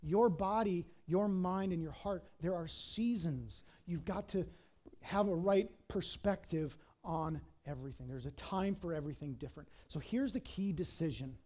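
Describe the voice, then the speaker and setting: A middle-aged man preaching a sermon as pastor, animated and repetitive, swinging between loud and quiet delivery. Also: sits high, normal speed.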